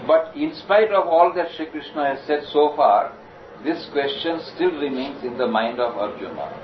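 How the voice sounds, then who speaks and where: A man giving a measured, explanatory scripture lecture and slowly reciting Sanskrit verses. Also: on the high side. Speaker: spiritual lecturer. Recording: distant, roomy, dull lo-fi recording with noise.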